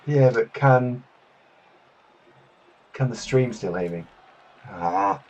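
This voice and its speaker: A man hosts a live game stream through a headset, chatting casually and cursing in exasperation. His pitch swings widely from line to line. Faint background hiss. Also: sing-song, slow, vocal fry, darkish tone, lo-fi sound. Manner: exasperated, swears casually while fiddling with settings. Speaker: stream host.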